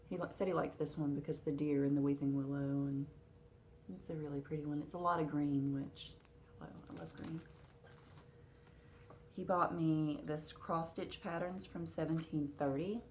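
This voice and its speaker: A woman's voice: low voice, darkish tone, slight background noise. A woman vlogger chatting casually to camera at home, with many fillers and a touch of hiccups. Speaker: cross-stitch vlogger.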